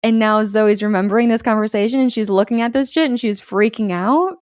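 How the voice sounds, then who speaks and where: A young woman co-hosting a casual chat, retelling a film scene by scene and quoting its characters in quick bursts. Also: a little high, clear, resonant tone, no echo, clean studio sound. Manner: animated storyteller, quotes characters in quick bursts. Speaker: podcast co-host recapping a film.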